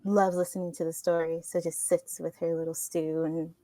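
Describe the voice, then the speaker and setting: A woman's voice: fairly low pitch, little pitch movement, moderate pace, mellow, no room sound, soft background music. A woman playing in a tabletop game, describing her character casually with lots of "like". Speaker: player.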